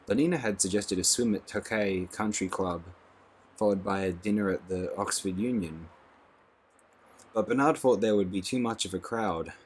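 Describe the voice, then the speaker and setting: Audiobook reader: man, deep and husky, measured and dry. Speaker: audiobook narrator. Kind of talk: audiobook narration.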